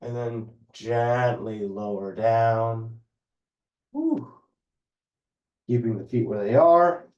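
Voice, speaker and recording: A man leading a yoga class, giving calm, unhurried cues for stretches and breathing. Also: mid-range voice, roomy sound, far from the mic, dull audio. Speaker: yoga instructor. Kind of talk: guided yoga class instruction.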